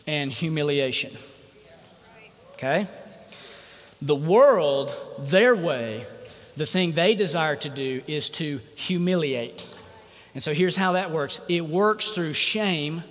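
A man's voice: fairly high pitch, fairly bright tone. A man preaching a sermon as pastor, calling out to the congregation for responses. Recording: reverberant hall sound.

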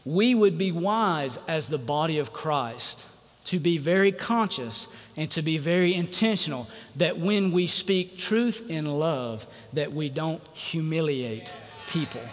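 High-voiced man preaching in a hall. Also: lively intonation, a little slow. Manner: preaching with call-and-response to the congregation. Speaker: pastor. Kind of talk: sermon. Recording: reverberant hall sound.

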